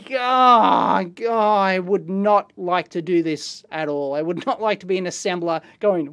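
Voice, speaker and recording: An excitable Australian man talks through an unboxing in his lab. His voice sits fairly high, and he rambles along in a casual way, full of slang and exclamations. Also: a little slow, few pauses. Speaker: electronics video host. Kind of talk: casual unboxing and teardown commentary. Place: electronics lab, indoors.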